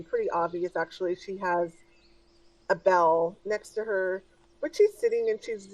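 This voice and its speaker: A woman's voice: medium pitch, far from the mic, poor audio. A woman narrating a tabletop game as game master, in a casual, hesitant way with many fillers.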